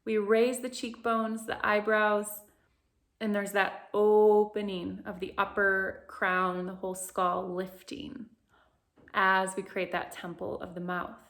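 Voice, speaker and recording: Slow, soothing woman voice coach. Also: medium pitch, level tone, a bit bright. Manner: slow, soothing, guiding instructions with sung vowel demonstrations. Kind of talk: guided vocal exercise lesson.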